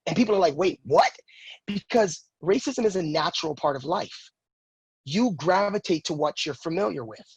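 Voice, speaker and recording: Husky-voiced man in his thirties. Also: on the high side, animated, normal speed, dry recording. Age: 30s. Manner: earnest, frank, repeats words while thinking. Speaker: interview guest. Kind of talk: casual conversational interview.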